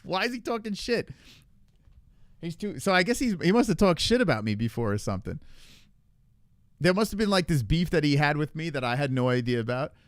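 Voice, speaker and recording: A man hosting a casual podcast, his pitch a bit high and bouncing all over as he reacts to streams. He swears freely and laughs often. The sound is close and dry. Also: very animated, quick pace, dry recording. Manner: profane, loose, laughing often. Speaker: podcast host.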